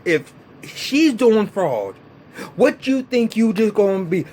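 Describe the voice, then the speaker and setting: A man with a fairly high voice rants through a TV episode review, swearing freely and sounding exasperated. His pitch swings widely as he gets worked up. A faint hiss of noise sits under the recording. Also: slow pace. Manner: animated, profane, exasperated ranting. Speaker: TV show reviewer. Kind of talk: casual vlog review.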